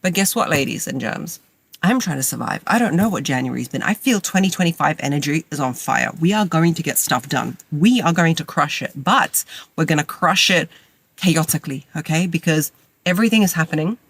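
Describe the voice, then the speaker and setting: A woman's voice: low voice, expressive, a little fast, breathy edge. A woman in her thirties with a cold, hosting a podcast from a parked car, talking in a chatty, rambling and self-mocking way. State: has a cold. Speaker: podcast host. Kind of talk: casual monologue to listeners. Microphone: makeshift mic setup.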